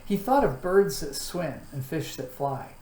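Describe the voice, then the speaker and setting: A woman, a teacher, reading a children's novel aloud in an expressive storytelling manner. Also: deep voice, measured pace. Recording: echoey room, faint background hum.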